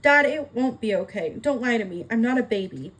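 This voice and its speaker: Woman reader as a young mermaid girl, upset and tearful, higher voice. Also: animated, brisk, a bit bright. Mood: distraught.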